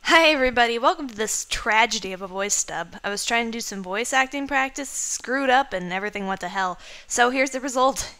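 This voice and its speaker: A young woman doing playful, loud comic line reads in an amateur fan dub. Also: on the high side, lively intonation, a little fast, few pauses, clean tone. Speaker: fandub voice actor.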